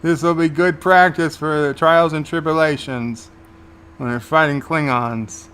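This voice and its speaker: A man's voice: a little high, steady tone, measured pace, a bit bright, clear, resonant tone. A man hosting a live watch-along, casually recapping scenes and paraphrasing the characters' lines. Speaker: show host and reviewer.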